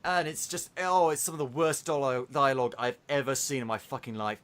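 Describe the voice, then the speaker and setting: A man hosting a podcast, retelling a film in a casual, animated way with swearing. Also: medium pitch, fairly quick. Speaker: podcast host.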